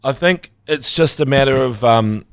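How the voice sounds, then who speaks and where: A man's voice: mid-range voice, normal speed, clean tone, no room sound, studio quality. A man co-hosting a sports podcast, chatting casually and animatedly, slipping into jokey mock voices. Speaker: podcast co-host. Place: studio.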